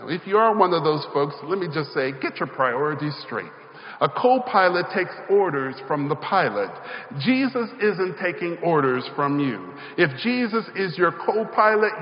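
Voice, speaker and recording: A male pastor giving a sermon in a church sanctuary. He speaks in a rhythmic call-and-response style with rising emphasis. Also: a little high. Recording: echoey hall, slightly dull sound.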